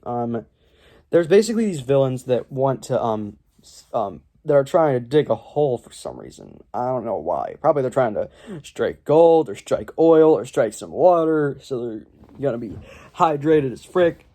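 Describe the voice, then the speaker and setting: A man's voice: medium pitch, very animated, moderate pace, mellow. A man giving a casual, rambling film review full of sarcasm and ums, recorded at home on a camera propped on his legs.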